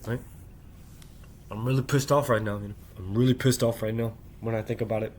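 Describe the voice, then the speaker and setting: A man in a rambling personal monologue, speaking in halting, clipped fragments and tagging nearly every phrase with "right?" in a confrontational way. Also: on the low side, steady tone, darkish tone, a little hiss or hum. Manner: insistent, confrontational address. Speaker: vlogger.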